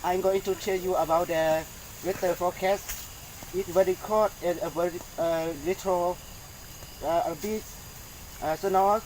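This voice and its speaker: High, slow, hesitant Lao-accented man. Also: steady tone, darkish tone, slight background noise, low-quality recording. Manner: hesitant, many uh fillers. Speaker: weather presenter. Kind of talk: student role-play weather report.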